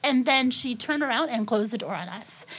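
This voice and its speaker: A woman's voice: fairly high pitch, expressive, normal speed, fairly bright tone, husky, low-quality recording. A woman guest telling a personal story in a podcast interview, acting out the people in it and speaking earnestly about her faith. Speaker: guest singer. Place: recording studio.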